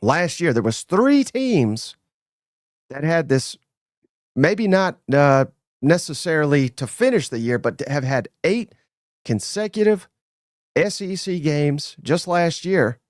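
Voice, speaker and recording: A man hosting a casual sports podcast, energetic and teasing, giving shout-outs to listeners. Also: on the high side, takes it slowly, no room sound, studio quality. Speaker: podcast host.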